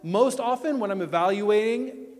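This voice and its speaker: A man preaching an emphatic sermon, his voice a bit higher than most men's. He moves between loud declarations and hushed stretches, and a long reverb trails each phrase as if in a big hall. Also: normal speed. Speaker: pastor.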